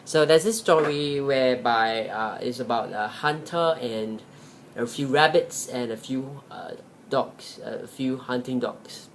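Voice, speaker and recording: A man's voice: medium pitch, a little slow, slight background noise. Rambling motivational vlogger, a man. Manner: rambling, with many fillers. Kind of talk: motivational storytelling.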